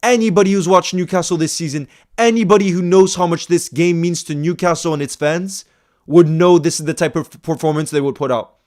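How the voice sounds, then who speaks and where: Watching a football match live for his fan channel, this host is exasperated and rants briskly. His stammering restarts and repetition alternate between loud outbursts and low, muttered remarks.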